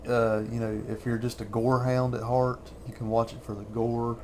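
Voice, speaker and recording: Man, 30s, casual film commentary, rambling, chuckling, mid pitch. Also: flat delivery, moderate pace, darkish tone, a little hiss or hum. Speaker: host of a fan movie commentary channel.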